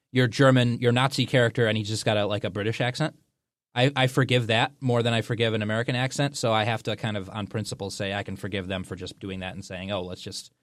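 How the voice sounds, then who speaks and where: A man co-hosting a podcast, talking through ideas in a rambling, thoughtful way. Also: mid-range voice. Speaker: podcast co-host. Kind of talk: casual chat.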